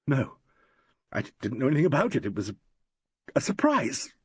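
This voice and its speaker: A man's voice: mid-range voice, big pitch swings, fairly quick, breathy edge, dry recording. A man voicing a trembling, distraught actress. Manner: trembling, urgent, rising to near hysterics. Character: shaken young actress in shock, woman.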